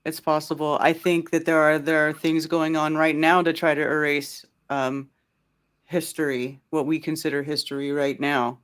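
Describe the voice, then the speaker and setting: Brief: man, higher-pitched, podcast guest, casual and filler-heavy delivery. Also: little pitch movement, moderate pace, fairly bright tone, clean tone. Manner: loose, conversational, filler-heavy. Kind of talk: casual interview chat.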